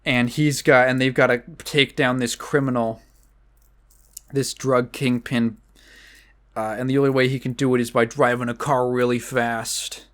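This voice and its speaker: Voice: mid-range voice, little pitch movement, measured pace. A young adult podcast host recapping a film in casual chat, rambling with restarts and fillers.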